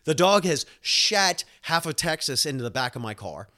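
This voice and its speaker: A man hosting a casual podcast, telling a long story with laughs, swearing and quick acted-out quotes. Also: on the high side. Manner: animated, laughing, swearing, acts out voices in quotes. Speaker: podcast host.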